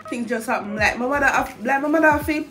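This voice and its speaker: A woman's voice: sits high, fast talker, a bit bright. A young woman with a Jamaican accent hosting a casual chat over a meal, chatty and agreeable with patois phrases. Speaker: host.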